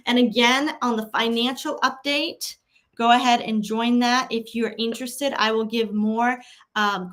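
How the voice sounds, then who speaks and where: With a fairly high, somewhat bright voice, this woman guides listeners spiritually, earnestly taking them through repeated affirmations at a slow pace and talking about spiritual matters.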